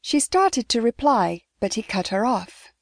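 A woman narrating a historical romance audiobook in a smooth, even storytelling manner. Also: a little high, unhurried, no room sound, studio quality. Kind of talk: scripted narration.

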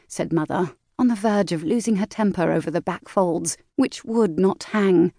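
In a measured, expressive storytelling style, a woman reads an audiobook of a classic novel. Her pitch is fairly low, and the recording is dry and of studio quality.

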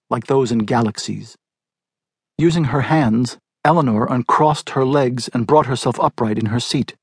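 A man narrating a literary short story in a measured, even audiobook reading. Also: mid-range voice, slightly rough, no echo.

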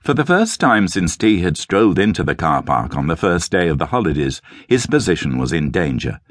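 A man narrating an audiobook story in a measured, expressive storytelling manner, recorded close on a studio mic. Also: sits low, no room sound. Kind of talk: scripted narration.

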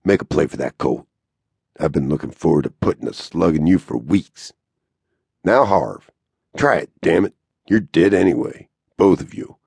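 A man with a deep, husky voice playing a wiry, snarling gunman who taunts and threatens in a western audiobook. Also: expressive, moderate pace, a little mellow, dry recording, clean studio sound, heavily acted. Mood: menacing. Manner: menacing, taunting.

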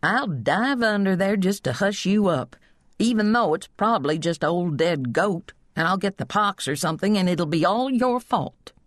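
An exasperated big brother, voiced by a woman narrating an audiobook, a country teenager who talks gruffly and scolds. Dry, close recording. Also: mid-range voice, expressive, normal speed, dry recording, lightly acted.

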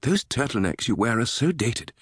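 A man's voice: big pitch swings, moderate pace, breathy edge, dry recording, studio quality. A male narrator voicing a chirpy middle-aged British woman who greets travelers, in a sing-song voice with a British accent. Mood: teasing. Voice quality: sing-song, high and bright.

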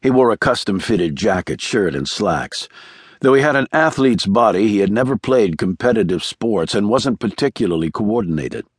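A man narrating a thriller audiobook in a measured, even storytelling manner. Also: fairly low pitch, breathy edge, dry recording, studio quality.

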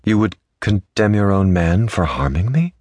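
A proud young captive noblewoman, as a male audiobook narrator puts her on, her voice lifted higher than his own. She sounds soft and wavering yet defiant through tears, recorded dry and close. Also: lively intonation, moderate pace, no room sound. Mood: incredulous.

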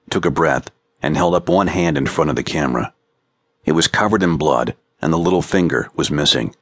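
A male audiobook narrator reads in a measured, even way. His voice is deep and the recording is dry and close. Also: dry recording. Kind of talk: scripted narration.

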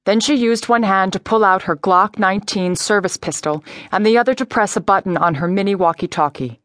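A woman's voice: mid-range voice, fairly bright tone, dry recording. Woman reading a crime audiobook, dry studio sound. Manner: clear, measured reading. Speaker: audiobook narrator. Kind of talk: scripted narration.

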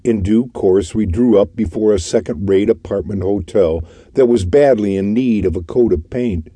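A man reading a classic detective audiobook in a measured storytelling manner. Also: lowish voice, warm tone, breathy edge, no echo. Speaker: audiobook narrator. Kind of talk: scripted audiobook narration.

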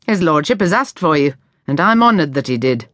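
A woman voicing a stern, ambitious middle-aged butler in an audiobook, firm and measured. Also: sits low, lively intonation, no echo.

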